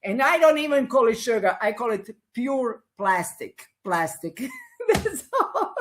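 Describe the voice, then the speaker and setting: A woman in her sixties from Italy, speaking as an as an interview guest, animated and laughing often, with many fillers and restarts. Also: fairly high pitch, normal speed, slight background noise. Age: 60s. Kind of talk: casual interview conversation.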